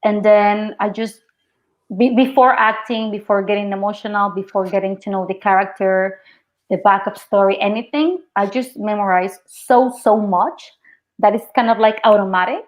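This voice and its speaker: Young actress, Mexican accent, native Spanish speaker, animated storyteller, mid pitch. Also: female voice, normal speed, lo-fi sound. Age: young adult. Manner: lively storytelling, quoting others, laughing often. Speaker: actress, guest. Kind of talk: casual interview chat.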